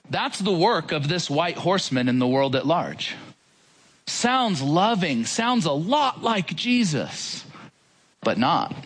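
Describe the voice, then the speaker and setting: A high-pitched man preaches a sermon in an animated, conversational style, peppering it with rhetorical questions.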